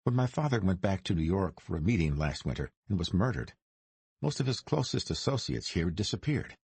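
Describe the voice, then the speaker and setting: A man voicing a suave, dryly ironic mob boss's son in his forties, speaking smooth and deliberate in an audiobook. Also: deep voice, sing-song, a little mellow, dry recording, full character voice. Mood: measured. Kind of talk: audiobook character reading.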